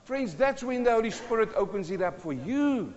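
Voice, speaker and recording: Man, preacher, sermon, emphatic, hushed to loud, long hall reverb, dull lo-fi sound. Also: very high-pitched, big pitch swings, moderate pace. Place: church hall.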